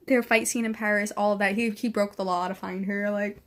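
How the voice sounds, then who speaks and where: A woman reviewing a show in a casual, gushing way, teary from crying, swearing freely and trailing off into soft whispers. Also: medium pitch, flat delivery, moderate pace, hardly any pauses.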